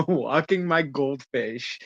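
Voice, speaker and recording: A man's voice: fairly high pitch, creaky, husky, no echo, lo-fi sound. A man chatting casually on a live stream panel, joking, laughing often and stammering through restarts.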